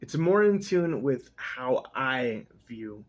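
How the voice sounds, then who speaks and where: A man's voice: medium pitch, sing-song, slow, dull audio. A young man reading a text aloud and casually commenting on it, rambling, profane and often interrupting himself. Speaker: reader.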